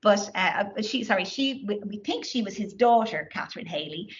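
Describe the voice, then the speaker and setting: A woman lecturing on history in a hesitant, thoughtful way, often pausing on fillers and going back over her words. The recording is a little dull and lo-fi, and her pitch sits in an ordinary middle range. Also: expressive. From Ireland. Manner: hesitant, many fillers and restarts. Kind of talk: academic talk with audience questions. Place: lecture room.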